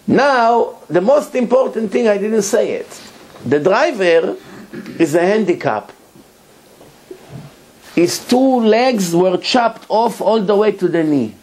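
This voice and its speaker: A man's voice: high voice, darkish tone. A man, a rabbi giving a Torah lecture, telling a story emphatically and repeating words for effect.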